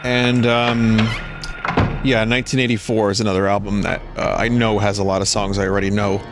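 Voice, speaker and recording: A man's voice: on the low side, little pitch movement, fairly quick. A man streaming a game, chatting casually and rambling between jokes, swearing now and then. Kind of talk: casual gameplay commentary. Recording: game music behind the voice. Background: game music.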